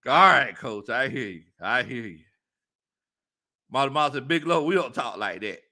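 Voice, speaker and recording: Animated man hosting a sports stream. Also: normal speed. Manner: animated, laughs often, jumps into high-pitched squeals. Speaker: sports talk show host. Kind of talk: casual live-stream chat reading viewer comments.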